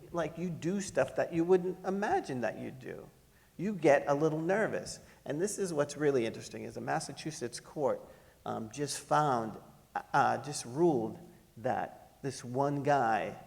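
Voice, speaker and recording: A middle-aged man telling a personal story to an audience, animated and laughing as he acts out the voices in it. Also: medium pitch, creaky, long reverb tail. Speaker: panel speaker. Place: lecture hall.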